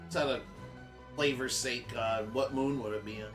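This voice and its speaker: A man's voice: mid-range voice, steady tone, moderate pace. A man playing in a tabletop game, chatting casually and joking. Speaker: player. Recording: roomy sound with music behind.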